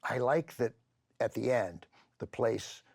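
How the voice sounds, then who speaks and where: A man's voice: medium pitch, slow pace, creaky, a little mellow, no echo, studio quality. A man hosting a casual film discussion, chatty with many fillers as he retells scenes. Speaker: film channel host.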